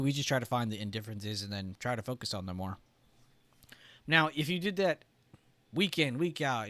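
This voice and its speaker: Chatty man clearing his throat. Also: medium pitch, fairly bright tone, no room sound. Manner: loose and chatty, heavy on "like" and "right?". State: throat irritated, choking up. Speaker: trading stream host. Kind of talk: casual livestream explanation.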